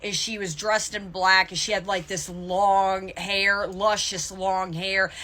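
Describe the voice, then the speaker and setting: A woman's voice: mid-range voice, flat delivery, takes it slowly, bright, forceful tone. A young adult woman tarot reader talking to the camera in a chatty spiritual vlog, often checking in with "okay?". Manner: chatty, repeats "okay?" to the viewer.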